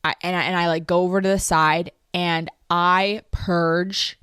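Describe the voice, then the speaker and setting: A woman's voice: on the low side, flat delivery, a little slow, fairly bright tone, clear, resonant tone, no room sound, studio quality. A young woman telling a personal story in a casual, earnest way, with lots of fillers. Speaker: podcast host.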